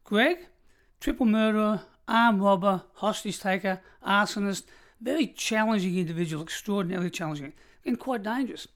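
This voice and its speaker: A man's voice: sits high, normal speed, a bit bright. An Australian man in his sixties, a retired prison officer, telling vivid stories as an interview guest and stacking up short, punchy phrases. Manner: vivid, emphatic storyteller who piles up short phrases. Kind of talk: storytelling in an interview.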